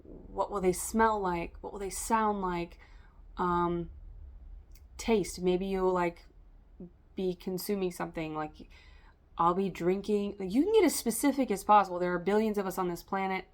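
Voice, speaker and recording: A woman's voice: fairly low pitch, steady tone, moderate pace. Rambling woman giving a tarot reading. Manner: rambling, stream-of-consciousness, many fillers. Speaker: tarot reader. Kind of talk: casual spiritual reading to camera.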